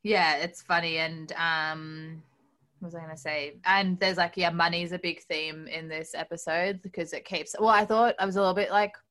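A woman co-hosting a podcast, chatting casually and hesitantly, with many pauses and ums. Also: on the low side, steady tone, fairly bright tone. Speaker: podcast co-host. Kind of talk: casual chat.

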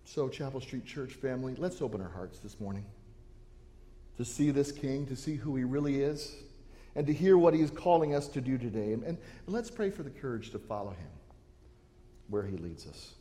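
A man preaches a sermon in a church, his voice mellow and warm at an ordinary pitch. He talks earnestly, often restarting his phrases, and a long reverb from the hall trails each line. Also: expressive, moderate pace. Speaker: pastor. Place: church sanctuary.

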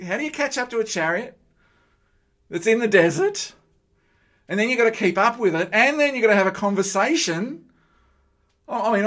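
A middle-aged man preaching a sermon, with lively joking asides to the congregation. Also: fairly high pitch.

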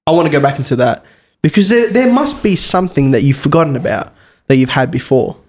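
A man's voice: on the high side, animated, quick pace, a little mellow. A man co-hosting a podcast about motorbikes, chatting casually, swearing freely and acting out anecdotes. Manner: laid-back, swears freely, acts out anecdotes. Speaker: podcast co-host. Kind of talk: casual chat.

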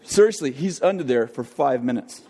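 An older man preaching a sermon, telling a jokey family story in an animated way. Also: mid-range voice, moderate pace, breathy edge. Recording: long hall reverb.

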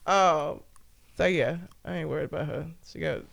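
A man's voice: fairly high pitch, moderate pace, creaky, fairly bright tone. A man co-hosting a casual chat show, telling stories from work in a blunt, profane way and laughing often. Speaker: podcast co-host.

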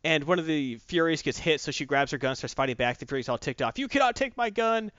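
A man casually recapping a comic book story as a podcast host, jumping into quick character voices as he retells it. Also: medium pitch, fairly even intonation, a bit bright, no echo, dull audio.

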